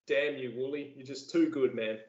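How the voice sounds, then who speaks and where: A man hosting a podcast in relaxed, friendly banter. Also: medium pitch, normal speed, reverberant, muffled recording. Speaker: podcast host. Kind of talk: casual interview chat.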